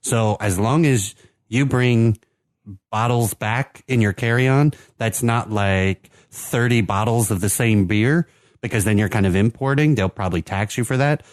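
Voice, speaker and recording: A man with an American accent and a lowish voice, talking in a relaxed, rambling way full of fillers. The sound is dry and close, with no room around it. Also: unhurried, no echo. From United States. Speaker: podcast co-host presenting the beer. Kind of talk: casual chat.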